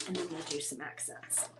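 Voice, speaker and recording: A woman's voice: low voice, very noisy. A woman hosting a casual painting tutorial, chatty and self-teasing as she talks straight to her viewers while she works at a crafting table.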